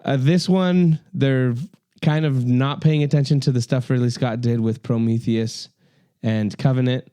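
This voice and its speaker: A man's voice: medium pitch, fairly even intonation, measured pace, mellow, clear, resonant tone, dry recording. A man hosting a casual podcast chat, rambling with lots of fillers. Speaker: podcast host.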